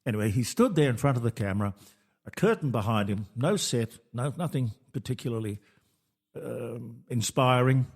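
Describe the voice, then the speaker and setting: A man's voice: mid-range voice, normal speed, vocal fry, darkish tone, breathy edge. A man hosting a radio talk show, telling stories in casual chat and quoting people animatedly.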